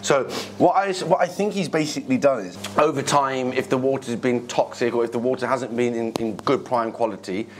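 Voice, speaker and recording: A young man, hosting a casual vlog and telling stories in an animated, slangy way. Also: medium pitch, brisk, hardly any pauses, slight background noise. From England. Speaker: vlog host. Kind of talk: casual vlog chat and storytelling.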